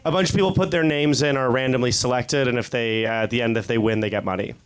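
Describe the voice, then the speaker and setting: A man's voice: medium pitch, fast talker, clear, resonant tone. A man co-hosting a live comedy show, hyping up the crowd and bantering on a club stage. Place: comedy club stage in New York City.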